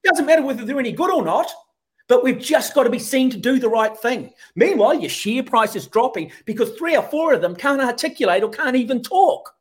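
A man, voice sitting high for a man. He rants in blunt, sarcastic bursts, as in a heated sports chat. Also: expressive, brisk. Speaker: rugby podcast co-host.

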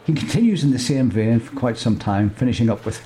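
A man's voice: medium pitch, lively intonation, fairly quick, warm tone, a little hiss or hum. A man narrating a comic story, chuckling, breaking off to joke and correct himself.

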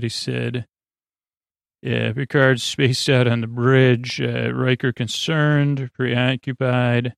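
A man hosting a sleep podcast, recapping a TV episode in a meandering, halting way with lots of filler sounds. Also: mid-range voice, vocal fry, dry recording, studio quality. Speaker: podcast host.

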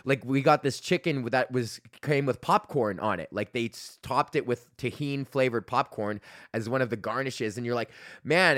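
A young man from Alberta talks through his week as a podcast host, loose and profane, breaking into laughs and trailing off mid-thought. His voice sits at an ordinary middle pitch for a man. The sound is dry and close, with no room around it. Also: fairly bright tone, dry recording. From Alberta, Canada. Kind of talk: casual rambling monologue.

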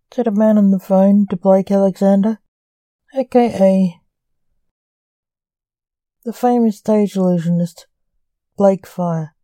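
A woman hosting a podcast, reading a story aloud in a calm, measured way. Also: mid-range voice, no room sound. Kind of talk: scripted story narration.

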